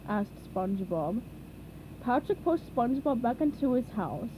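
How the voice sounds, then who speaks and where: A woman narrating a children's storybook in an animated, expressive way. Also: fairly high pitch, moderate pace, phone-quality sound, slight background noise. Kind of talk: storybook reading.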